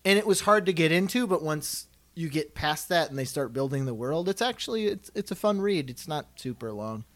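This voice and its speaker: A man's voice: fairly high pitch, animated, brisk, hardly any pauses, a bit bright. A man in casual podcast chat, explaining a book loosely with many "like" fillers.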